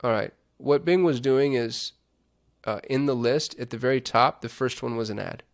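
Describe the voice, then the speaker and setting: Man, gravelly voice, casual screen-share walkthrough, thinks aloud, chatty asides. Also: medium pitch, normal speed. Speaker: digital marketing host.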